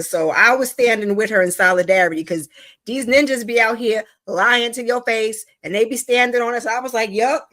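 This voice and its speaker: A woman joining a live panel chat, relaxed and easygoing as she gives her view. Her voice sits a little high. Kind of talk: casual chat.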